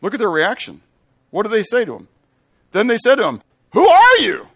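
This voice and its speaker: In this sermon-style Bible study, a man serving as pastor uses a high, husky voice with wide pitch swings. He's emphatic, quizzing the room and then supplying the answers, and he reads scripture aloud in a slow, loud, stretched-out way.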